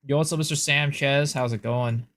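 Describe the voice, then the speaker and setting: A man's voice: mid-range voice, steady tone, moderate pace, a bit bright. A man streaming a game, casually commenting, joking and answering his viewers as he plays.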